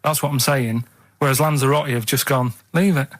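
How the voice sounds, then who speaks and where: A man's voice: medium pitch, steady tone, a little fast, fairly bright tone. A man on a radio show, chatting casually and telling rambling, earnest stories.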